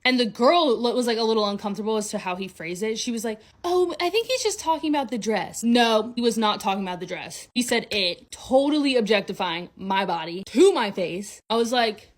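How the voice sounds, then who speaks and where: A woman's voice: medium pitch, fairly quick, hardly any pauses. A woman telling a casual storytime to camera, blunt and frank, swearing freely.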